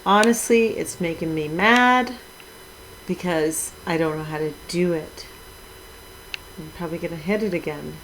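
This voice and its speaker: Chatty mom gaming streamer. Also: female voice, lowish voice, measured pace, long pauses, a bit bright, slight background noise, rough recording. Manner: chatty, exclaims with mild minced oaths. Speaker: Twitch streamer. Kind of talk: casual gaming livestream chat.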